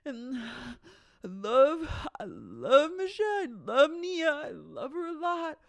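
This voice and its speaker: A podcaster putting on the voice of a self-pitying reality-show husband, in a high, strained, teary tone. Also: wildly swooping pitch, takes it slowly, gravelly, no room sound, studio quality, exaggerated voice. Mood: whiny.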